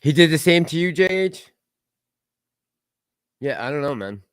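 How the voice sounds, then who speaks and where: A man's voice: fairly high pitch, expressive, a little slow, a bit bright, smooth, no room sound. A man hosting a casual livestream, rambling and laughing as he reads out and answers chat messages. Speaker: livestream host reading chat.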